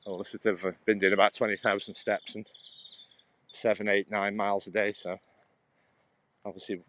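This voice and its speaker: A man's voice: fairly low pitch, a bit bright, dry recording. A man chatting in a rambling way to viewers as he walks outdoors along a cycle path, talking into a phone. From England. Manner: talks while walking. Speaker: livestreamer. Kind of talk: casual walking livestream chat. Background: passing traffic.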